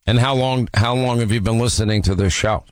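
A man's voice: medium pitch, fairly quick, no room sound. A man hosting a call-in radio talk show, needling and mocking a caller in a brusque way.

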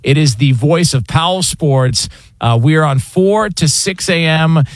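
A man's voice: a little high, unhurried, no echo. Man hosting a sports radio show. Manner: smooth broadcast delivery, reads sponsor and affiliate notes. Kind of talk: radio hosting with reads and announcements.

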